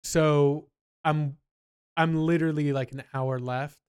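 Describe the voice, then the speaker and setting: A young man chatting casually on a podcast, telling stories with lively asides. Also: fairly high pitch, slow pace, clean tone. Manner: animated storyteller, mimics people in quotes. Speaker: podcast co-host. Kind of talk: casual chat.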